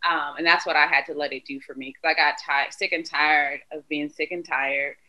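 A woman guest tells a personal story in casual conversation. Her voice sits a little low and has a bright, forceful edge. She acts out the dialogue vividly as she goes. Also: normal speed, low-quality recording. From Philadelphia area. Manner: candid, animated retelling with quoted dialogue. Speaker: podcast guest.

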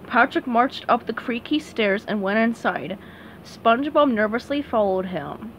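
A woman reads a children's storybook aloud with a fairly high voice. Her pitch moves a lot as she tells the story, animated and expressive. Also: a little slow, a little hiss or hum. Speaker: storybook reader. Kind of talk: read-aloud story narration.

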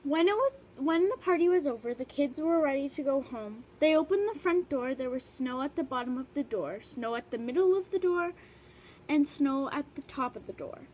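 High-voiced woman reading a storybook. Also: moderate pace. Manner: animated read-aloud, brief asides about the pictures. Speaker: storybook reader. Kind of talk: reading a picture book aloud.

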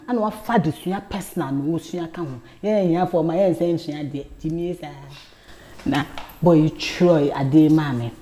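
Low, mellow woman telling a story. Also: moderate pace. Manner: animated storyteller, drops to a hush for quoted lines. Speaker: talk show guest. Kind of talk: storytelling in a talk show interview.

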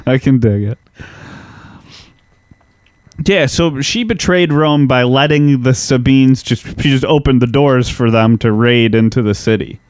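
A man's voice: medium pitch, measured pace, pauses often, darkish tone, no echo. A man co-hosting a podcast in casual comedic chat, telling the story in a laid-back way and swearing casually. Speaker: podcast co-host.

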